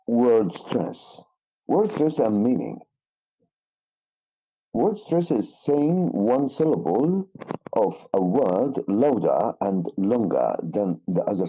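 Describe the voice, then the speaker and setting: A low, dark-voiced man with an Egyptian accent explains an English lesson slowly, stopping often to restart his sentences. His pitch swings widely as he explains, and the recording sounds dull and lo-fi. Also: breathy edge. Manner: halting, many fillers and restarts. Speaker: English teacher.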